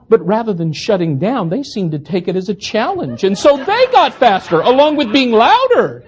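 A man preaching a sermon, telling a story with animated, self-deprecating humor. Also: high voice, normal speed, hardly any pauses, slightly rough.

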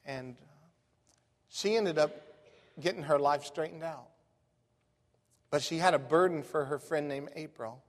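A folksy pastor preaching a sermon, his voice pitched high for a man. He tells stories in an animated, down-home way. A long reverb from a large hall hangs behind every word. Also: a little slow, long pauses. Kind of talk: storytelling sermon.

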